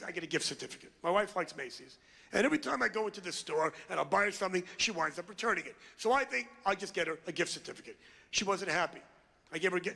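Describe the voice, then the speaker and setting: A man's voice: high-pitched, gravelly, bright, forceful tone, slightly rough, in a large hall. A middle-aged man doing a stand-up routine, ranting and insulting the crowd in a brash manner on a club stage. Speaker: stand-up comedian. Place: comedy club before a live crowd.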